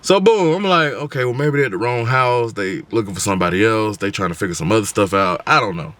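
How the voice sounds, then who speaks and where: A man telling an animated, slangy story from his car, acting out every voice he quotes. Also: on the low side, fast. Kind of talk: casual storytime. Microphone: camera in the car.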